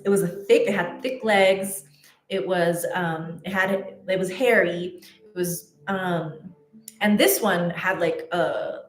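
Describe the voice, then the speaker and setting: A woman's voice: mid-range voice, reverberant. A woman telling a personal story in a casual, chatty way, with many fillers and restarts. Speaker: spiritual content creator.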